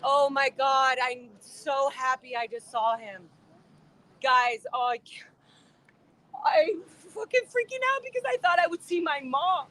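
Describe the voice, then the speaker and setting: A young woman outdoors on a street, talking in an excited, shaken way as a protester. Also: sits high, unhurried, low-quality recording. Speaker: ex-member protester. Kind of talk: emotional street conversation.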